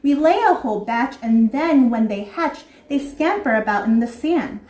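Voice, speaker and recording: Animated high-voiced woman reading to kids. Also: moderate pace. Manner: animated, sing-song, voices creatures in the story. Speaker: preschool teacher. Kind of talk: reading a picture book aloud to young children. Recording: echoey room.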